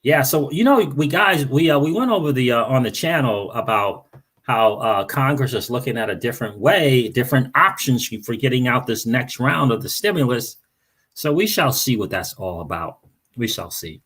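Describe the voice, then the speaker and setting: A man with a husky, slightly grainy voice hosts a casual livestream, chatting straight to his viewers. He greets people by name as they arrive and repeats his own phrases in an easygoing, conversational flow. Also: medium pitch, animated, normal speed, a bit bright. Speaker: crypto channel host.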